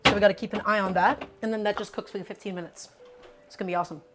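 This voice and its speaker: A cooking streamer chats upbeat and talkative to her viewers while cooking live in her home kitchen, addressing the chat directly. Her mid-range voice is very fast and fairly even, with heavy background noise.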